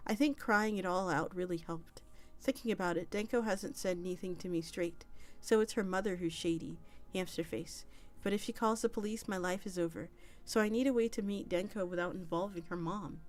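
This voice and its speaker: A woman's voice: fairly low pitch, brisk. Woman reading an online story aloud. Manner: plain reading with small slips and restarts. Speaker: streamer reading an internet story.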